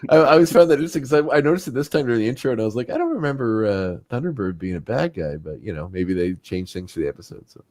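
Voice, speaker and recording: This is a man co-hosting a podcast in an easygoing chat. His voice sits low, and he talks in a lively way, laughing often and dropping into mock voices for effect. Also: racing, hardly any pauses. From Canada. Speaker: podcast co-host. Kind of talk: casual chat.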